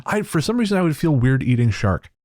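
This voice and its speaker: A man co-hosting a podcast in relaxed casual chat, rambling a little and laughing readily. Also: a little high, fast talker, dry recording, clean studio sound. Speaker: podcast co-host.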